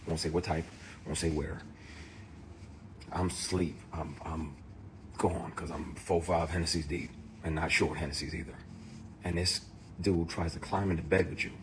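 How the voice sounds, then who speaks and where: A man's voice: rumbling low, fairly even intonation, moderate pace, pauses often, noisy background. A man, an actor, speaking straight to camera in an emphatic, profane, heated rant. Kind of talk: impassioned direct-to-camera rant.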